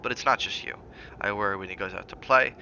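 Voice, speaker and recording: A man's voice: on the low side, fast talker, vocal fry, dull audio, background noise. A man reading as an anxious pleading young wife. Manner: urgent, rising when pleading, hushed when soft.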